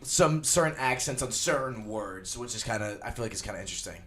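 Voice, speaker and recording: A man's voice: medium pitch, lively intonation, quick pace, fairly bright tone. Hesitant man, trailing off. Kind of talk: casual chat.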